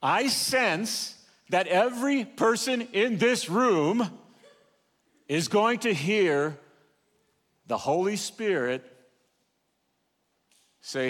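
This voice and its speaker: Older pastor preaching with lively pitch. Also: male voice, slow pace, pauses often, long reverb tail. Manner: storytelling with lively swings in loudness and pace. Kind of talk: sermon. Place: church auditorium.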